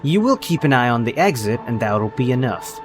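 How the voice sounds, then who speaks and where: A man voicing a calm, measured, authoritative male city baron in a game read-through, with game music underneath. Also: mid-range voice, lightly acted. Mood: firm. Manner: measured and placating. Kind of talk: reading a game's dialogue aloud.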